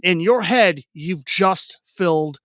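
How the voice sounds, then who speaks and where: A man chatting about running games as a game master, animated and quick to act out characters. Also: high voice, no room sound, studio quality. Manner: animated, acts out characters while explaining. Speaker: game master, podcast guest. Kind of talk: casual chat.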